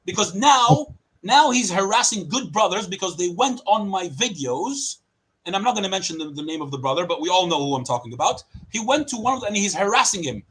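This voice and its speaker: A man's voice: high voice, sharp tone, slightly rough, rough recording. A man presenting evidence in a heated online debate, passionate and indignant as he speaks. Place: lives in Greece.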